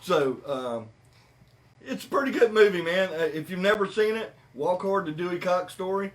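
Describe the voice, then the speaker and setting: A man hosting a podcast, chatting casually about a movie with animated, repetitive emphasis. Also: high voice, moderate pace. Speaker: podcast host. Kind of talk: casual movie review chat.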